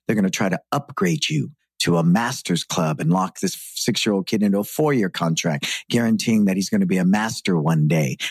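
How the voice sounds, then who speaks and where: Man, middle-aged, deep, slightly husky, dry close sound, earnest reflective interview talk. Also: a little mellow, no room sound. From San Francisco. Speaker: guest, martial arts school owner. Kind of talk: podcast interview.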